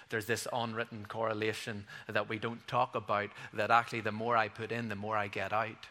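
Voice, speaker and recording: A man's voice: lowish voice, flat delivery, moderate pace, pushed and bright. A male pastor preaching a sermon. He talks earnestly and conversationally and drops in playful asides. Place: church hall. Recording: long hall reverb.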